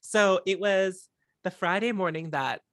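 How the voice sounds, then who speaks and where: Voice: medium pitch, unhurried, fairly bright tone, no echo, studio quality. A podcast co-host in casual chat, emphatic and laughing often.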